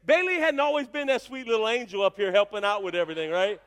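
A man's voice: high-pitched, fast, clear, resonant tone. A pastor in his fifties preaching a sermon, telling stories with asides to the congregation. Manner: animated storytelling with asides to the congregation.

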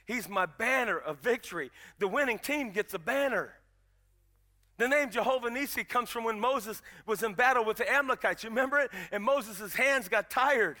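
A man's voice: high voice, bright, forceful tone. A man in his fifties preaching a sermon, telling stories with rising emphasis and building to emphatic calls. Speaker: pastor.

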